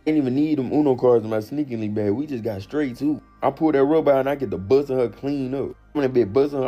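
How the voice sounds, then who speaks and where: A young man tells a raunchy personal story in a loose, animated, slang-heavy way. He talks fast in a dark, relaxed voice. Faint music plays behind him. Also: medium pitch. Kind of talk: casual storytime monologue.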